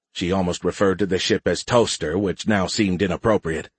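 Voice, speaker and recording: Male audiobook narrator, low and husky, dry booth sound. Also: fairly even intonation, fairly quick, hardly any pauses, dry recording. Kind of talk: scripted narration.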